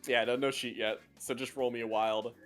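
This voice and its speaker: A man running a tabletop game as game master, animated and often jumping into character voices. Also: moderate pace. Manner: animated, jumps into high-pitched character voices. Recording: faint music behind.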